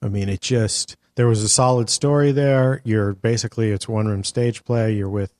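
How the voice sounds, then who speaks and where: A man in casual chat about films, swearing freely and telling his reactions in a blunt, animated way. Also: on the low side, normal speed. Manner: blunt, profane, animated storytelling. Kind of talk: casual movie review chat.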